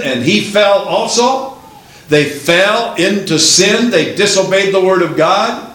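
A high-pitched male preacher delivers his sermon with an emphatic, rolling cadence and presses the congregation with rhetorical questions. His voice rings through a roomy, echoing church. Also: fairly bright tone.

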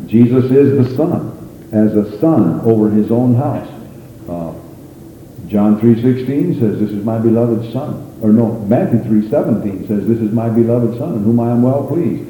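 A man preaching a sermon as pastor, fervent, rising to high exclamations and calling for amens. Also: lively intonation, moderate pace, dark tone, a little hiss or hum. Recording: echoey church hall with long reverb.

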